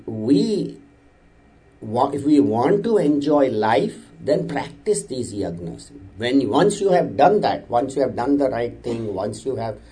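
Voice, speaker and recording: A man's voice: mid-range voice, dark tone. A man teaching a religious discourse in an earnest, exhorting way, with frequent restarts. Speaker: spiritual teacher.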